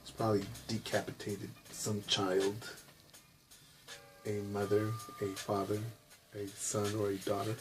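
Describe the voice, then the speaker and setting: A man giving a rambling, candid personal monologue to camera, swearing at times and slipping into quick impressions of others. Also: fairly low pitch, completely flat delivery, faint music behind. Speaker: vlogger.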